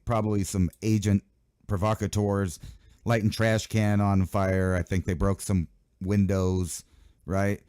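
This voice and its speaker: A man's voice: on the low side, darkish tone, dry recording, clean studio sound. A male radio host giving a rambling, sarcastic talk radio monologue.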